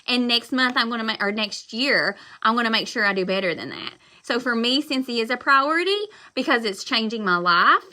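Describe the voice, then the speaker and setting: A woman talks loudly and emphatically in a live-stream pep talk, blunt but quick to apologize. Her voice is bright and forceful, set a little high. She rambles, circling back to the same points. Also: animated. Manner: loud and fired up, talks emphatically. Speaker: direct-sales consultant.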